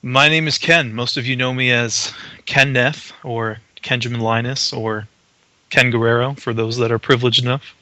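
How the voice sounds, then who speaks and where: A man who is a guest on a podcast, talking casually with a smooth radio-announcer voice. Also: medium pitch, fairly even intonation, normal speed, bright, forceful tone, dry recording, rough recording. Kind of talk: casual chat.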